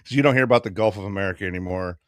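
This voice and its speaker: A man's voice: sits low, racing, no echo. Wry, sardonic podcast co-host man. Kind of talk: casual chat.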